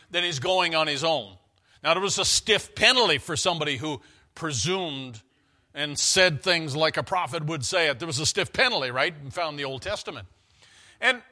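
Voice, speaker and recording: Preacher guy in church, kinda high bright voice, earnest, keeps restarting sentences. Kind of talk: sermon.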